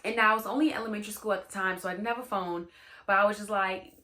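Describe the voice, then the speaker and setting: Young woman hosting a storytime vlog; chatty, slangy, bright tone. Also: medium pitch, fairly even intonation, racing. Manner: chatty, slangy, lots of "you know what I'm saying". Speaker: storytime host. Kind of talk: casual storytime chat.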